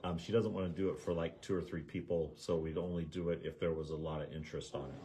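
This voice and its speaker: A man's voice: low voice, steady tone, fast talker, warm tone, slight background noise. A man co-hosting a live sewing lesson, chatting casually and telling corny jokes. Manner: chatty, tells corny jokes, easy laughs. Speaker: sewing shop co-host. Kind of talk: casual live-stream chat.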